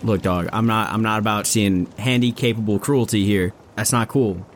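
A man's voice: on the low side, fairly even intonation, moderate pace, slight background noise, natural voice. A man doing a brash, slangy young sailor. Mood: defiant. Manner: slangy, confrontational.

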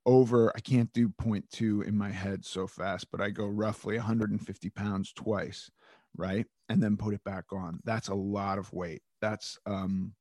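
A man's voice: fairly low pitch, fairly even intonation, a little slow, mellow, no room sound. Candid, swearing man on a podcast. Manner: candid, swears casually, frequent restarts. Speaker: podcast host. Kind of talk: casual podcast chat.

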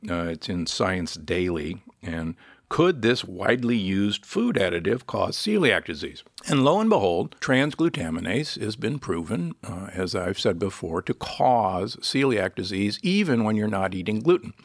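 A man with a low, gravelly voice speaks as an interview guest. He lectures emphatically and leans on key points. The sound is close and dry. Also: very animated, unhurried, no echo. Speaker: guest physician and author. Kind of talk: podcast interview, explaining.

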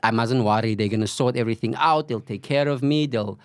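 Speaking a little fast, a middle-aged Cape Flats man from South Africa has a smooth, medium-pitched voice, recorded cleanly in a studio without echo. He's a podcast guest who candidly relates events, acting out what others said and saying "you know" frequently.

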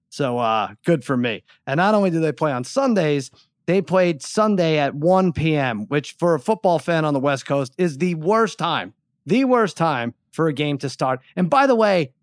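A man's voice: on the high side, normal speed, no room sound, clean studio sound. Exasperated middle-aged man telling a story. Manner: animated storyteller, exasperated rants. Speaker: podcast co-host. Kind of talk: casual chat.

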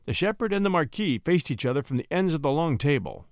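A male narrator reading a classic tale with theatrical flair, his pitch ranging widely. The voice sits a touch higher than usual for a man, recorded dry and close. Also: quick pace, dry recording. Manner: expressive, theatrical. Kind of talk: dramatic audiobook reading.

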